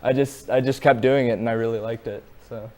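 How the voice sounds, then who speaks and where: A man's voice: medium pitch, steady tone, a little fast, darkish tone. A teenage boy, answering interview questions casually and hesitantly, with many ums and restarts. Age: teens. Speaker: interviewee, student performer.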